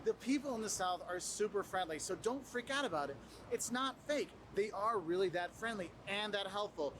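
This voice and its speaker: A man presenting travel tips in casual advice to the camera, animated and acting out what other people say. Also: sits high, normal speed, slight background noise. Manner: animated, acts out quoted people.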